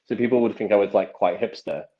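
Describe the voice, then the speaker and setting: A young man, a magician telling stories from his life as a podcast guest, with animated delivery and frequent restarts. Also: fairly low pitch, quick pace, slight background noise. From England. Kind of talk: casual podcast storytelling. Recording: dull lo-fi sound.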